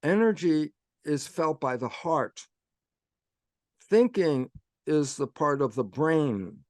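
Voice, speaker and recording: Older male guest, lively explainer, slightly high voice, dry sound. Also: takes it slowly, no room sound. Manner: animated, acts out his own inner dialogue. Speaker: guest speaker. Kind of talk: conversational explanation.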